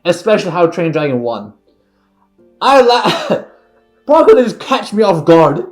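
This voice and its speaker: A man's voice: high voice, sing-song, moderate pace, soft background music. A man giving a casual reaction commentary on a film, laughing often and repeating his exclamations. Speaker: reaction video creator.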